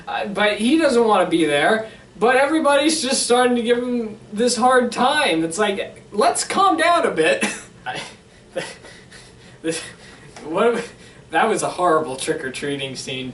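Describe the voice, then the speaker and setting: A man's voice: sits high, a bit bright, slight background noise. A young man giving a casual, rambling film review with laughing asides and sarcastic questions. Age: young adult. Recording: roomy sound from a distant mic.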